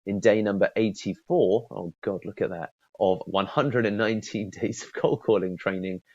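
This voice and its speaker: A middle-aged sales trainer gives a loose, chatty lesson, often repeating words, restarting and acting out example calls. His low, darkish voice moves at a moderate pace, and the recording is dry and a little dull, with no room sound or echo.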